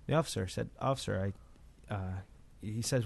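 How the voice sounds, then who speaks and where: A man's voice: on the low side, brisk, creaky. A man co-hosting a casual podcast, telling a long true story in a rambling way with repeated words. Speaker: podcast co-host. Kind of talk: casual chat. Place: Finger Lakes region of New York.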